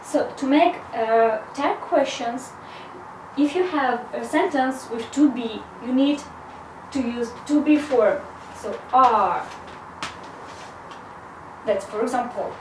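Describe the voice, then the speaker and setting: High-voiced woman teaching in an echoey room. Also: animated, noisy background. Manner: slow, careful explanation with frequent "so". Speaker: English teacher. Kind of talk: video grammar lesson. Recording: echoey room, mic at a distance.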